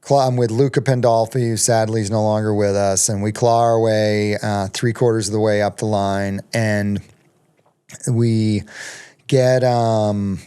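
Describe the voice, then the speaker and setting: A man's voice: fairly low pitch, steady tone, measured pace, dark tone, clean tone. A middle-aged man telling a long story as a podcast guest, rambling with many ums and restarts. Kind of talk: casual storytelling.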